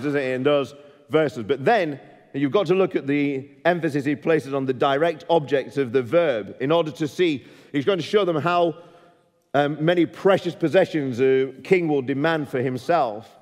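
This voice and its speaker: A man preaching a sermon in a church, emphatic, asking the congregation direct questions and building to forceful peaks. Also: medium pitch, in a large hall.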